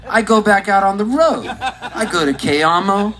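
A man performing live, telling a rambling, deadpan story to an audience and breaking into laughs now and then. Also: high-pitched, unhurried, rough recording. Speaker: musician and comedian on stage. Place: stage at a live show. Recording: live recording with loud crowd. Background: audience laughing, guitar.

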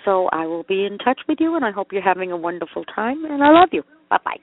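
A man's voice: sits high, very animated, quick pace, dry recording. A man leaving casual, affectionate voicemail messages, grumbling a little. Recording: phone line with faint noise.

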